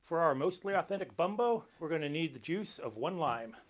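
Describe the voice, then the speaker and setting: A man hosts a casual cocktail tutorial, talking through history and recipes. His voice sits a little high. He keeps a dry, lightly joking tone. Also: expressive, a little fast. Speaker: cocktail show host.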